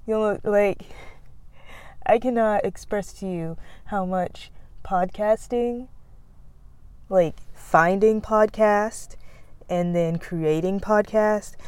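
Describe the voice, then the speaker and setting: A woman's voice: mid-range voice, steady tone, takes it slowly, long pauses, a little mellow, clean tone, no room sound. A young woman podcaster chatting casually outdoors, rambling off on tangents, laughing and losing her words. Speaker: podcast host. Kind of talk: casual chat. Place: outdoors, near a road.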